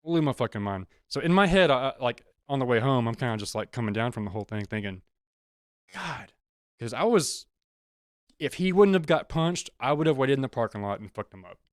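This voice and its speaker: A man of middle pitch tells a story on his podcast, swearing freely and driving each point home. His voice is smooth and resonant, and the recording is dry, with no room sound. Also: fast, dry recording. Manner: profane, blunt, animated. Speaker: podcast host and session drummer. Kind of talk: casual storytelling monologue.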